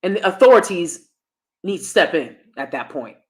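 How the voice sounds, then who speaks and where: A woman's voice: lowish voice, sing-song, normal speed. Blunt, sassy woman live-streaming. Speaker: host.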